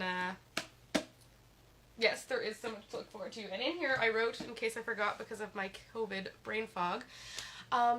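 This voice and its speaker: This livestream host is in bed at home, sick and slightly stuffed up, reading her viewers' comments aloud as she chats casually into her phone. She speaks in a gravelly, mid-range voice with a fairly bright tone, and there's slight background noise.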